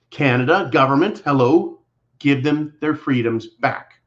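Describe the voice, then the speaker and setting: A man's voice: mid-range voice, a little slow, fairly bright tone. A man hosting a political commentary show, talking in a blunt, combative, sarcastic way. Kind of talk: angry monologue to viewers. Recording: dull lo-fi audio.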